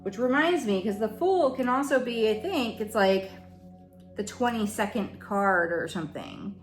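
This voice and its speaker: Slow-talking woman reading tarot cards. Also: medium pitch, expressive. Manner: frank, swears freely, thinks aloud while searching. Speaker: tarot reader. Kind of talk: casual intuitive tarot reading. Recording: roomy echo with soft music behind.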